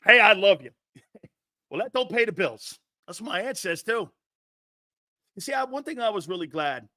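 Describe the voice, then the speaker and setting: A man's voice: sits high, expressive, normal speed, bright, forceful tone, no room sound, studio quality. A middle-aged man hosting a sports talk show, brash and profane, telling stories and putting on voices. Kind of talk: animated sports talk monologue.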